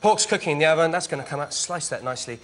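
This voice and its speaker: A man's voice: fairly high pitch, lively intonation, rapid-fire. A man cooking on a TV show kitchen set, talking through each step in a chatty, stumbling way and often asking "okay?". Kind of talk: cooking demonstration. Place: TV studio kitchen.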